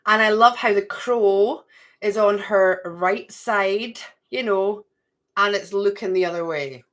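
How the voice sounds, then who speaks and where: A woman's voice: mid-range voice, takes it slowly, a bit bright. Lady doing a casual spiritual card reading, chatty, checks in a lot. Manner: chatty, repeats "okay?" and "right?" often.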